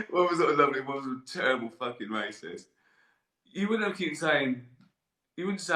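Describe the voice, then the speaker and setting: A man hosting a live stream, rambling through a comic monologue with swearing, deadpan asides and frequent giggles, sounding hot and tired. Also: on the high side, moderate pace, pauses often. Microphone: live-stream camera mic. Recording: roomy echo.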